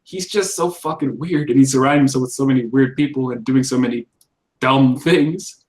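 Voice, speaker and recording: A man co-hosting a casual political podcast, talking bluntly with frequent swearing and laughing mid-sentence. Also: mid-range voice. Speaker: podcast co-host.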